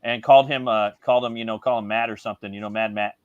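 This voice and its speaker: A man's voice: fairly low pitch, steady tone, racing, phone-quality sound, over a noisy crowd. A man in a casual podcast chat, rambling and slangy, swearing often.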